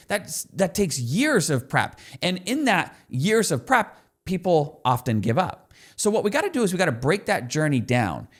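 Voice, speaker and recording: Animated man telling a story. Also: fairly high pitch, moderate pace. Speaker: guest expert. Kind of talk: podcast interview storytelling.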